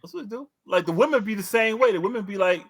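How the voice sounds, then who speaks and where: A man from the Bronx with a New York accent, co-hosting a casual podcast and talking loud and emphatic, often repeating himself. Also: high voice, animated, quick pace, dry recording. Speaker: podcast co-host.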